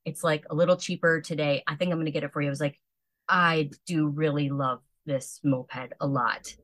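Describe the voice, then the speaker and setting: A woman in her thirties telling a story in casual chat, animated and acting out quotes, with lots of "like" fillers. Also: deep voice, moderate pace, no echo. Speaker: podcast guest.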